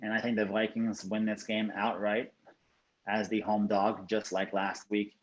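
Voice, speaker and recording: A man from South Florida, a professional bettor, lays out his picks as a podcast guest. He talks steadily and plainly, filling gaps with "you know" and "um". His voice sits somewhat low for a man. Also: dull audio. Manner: steady, measured, uses 'you know' and 'um' often. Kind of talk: casual podcast interview.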